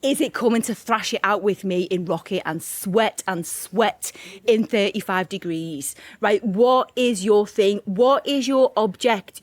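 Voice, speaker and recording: A woman's voice: mid-range voice, dry recording. A woman yoga teacher, chatting animatedly in an interview and firing off rhetorical questions. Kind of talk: casual interview chat.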